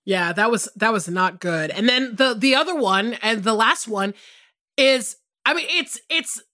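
A woman co-hosting a podcast in casual, animated chat, swearing freely and often restarting her sentences. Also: on the high side, a little slow, no echo, studio quality. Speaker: podcast co-host.

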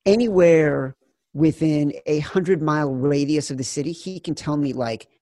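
A man's voice: a little high, normal speed, dark tone, dry recording, clean studio sound. A man from the Chicago suburbs hosting a casual sports betting chat, fired up and profane. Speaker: podcast host.

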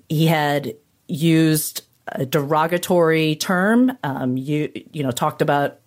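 A woman news correspondent in an interview, talking in a thoughtful, hesitant way with pauses and fillers. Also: deep voice. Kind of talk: interview, recounting.

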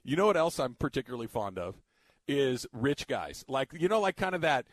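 A man's voice: mid-range voice, very animated, brisk, no room sound. A man hosting a radio talk show, joking and laughing in casual banter. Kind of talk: casual chat.

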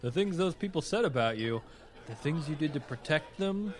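A man playing a modest, soft-spoken community builder in a comedy sketch. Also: on the high side, animated, normal speed, close to an everyday voice.

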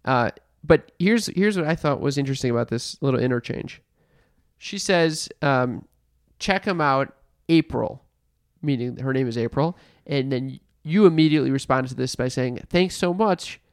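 A man's voice: medium pitch, normal speed, no room sound, studio quality. A man co-hosting a casual podcast, teasing and crude, reading listener comments. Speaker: podcast co-host. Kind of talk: casual chat and ad read.

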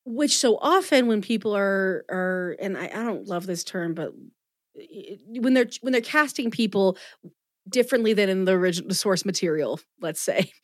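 A woman hosting a podcast, chatting casually with quick asides and self-deprecating jokes. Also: mid-range voice, lively intonation, no room sound, clean studio sound. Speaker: podcast host.

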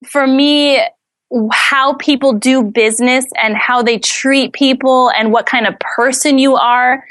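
A woman with a fairly high voice answers interview questions about flipping houses. She sounds earnest and candid, with a dry sarcastic edge now and then. The sound is close and dry. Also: a bit bright, no echo.

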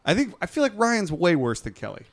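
Male podcast co-host, earnest and halting, dry close recording. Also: sits high, wildly swooping pitch, dry recording. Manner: earnest, hesitant restarts. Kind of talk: casual chat.

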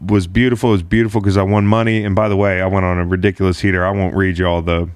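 A man hosting a casual sports chat show, talking in a rambling, animated way with lots of "like" and casual swearing. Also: deep voice, racing, clear, resonant tone, no echo, clean studio sound. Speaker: podcast host.

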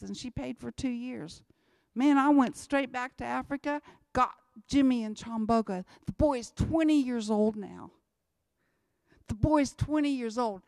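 Woman, church testimony speaker, emphatic and repetitive, slightly high, dry mic. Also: measured pace, gravelly, darkish tone, dry recording. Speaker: missionary speaker.

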